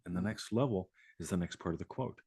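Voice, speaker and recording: A man's voice: deep voice, fast talker, dark tone, slightly rough, no room sound, studio quality. A man hosting a live show, talking casually in a rambling way, swearing and laughing often. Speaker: host.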